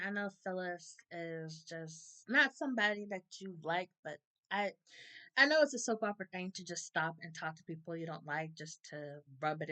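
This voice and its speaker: Woman, somewhat low voice, casual soap opera recap, opinionated, chatty, acts out quotes. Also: fairly bright tone, low-quality recording.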